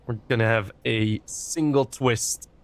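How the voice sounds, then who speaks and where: A man's voice: medium pitch, takes it slowly, no room sound. Chatty man casting a shooter match. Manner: animated, chatty, drifts into tangents. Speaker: esports caster. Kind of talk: play-by-play game commentary. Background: faint game gunfire.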